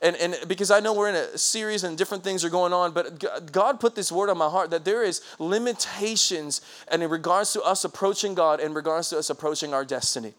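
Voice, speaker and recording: Energetic man preaching a sermon. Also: high-pitched, a little fast, hardly any pauses. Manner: energetic, calls out to the congregation; frequent restarts. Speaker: pastor.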